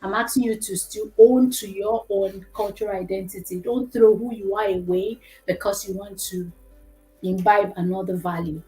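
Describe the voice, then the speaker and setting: A woman's voice: medium pitch, steady tone, normal speed, warm tone, faint music behind, rough recording. A woman with a Nigerian accent hosting a casual educational discussion, explaining things in a chatty, joking way. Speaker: host.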